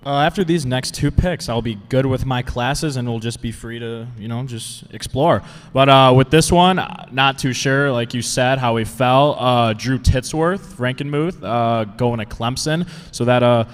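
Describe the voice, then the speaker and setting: A man casually explaining his draft picks, relaxed and hesitant, with many fillers. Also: medium pitch, measured pace, hardly any pauses, smooth. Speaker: draft participant. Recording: long hall reverb.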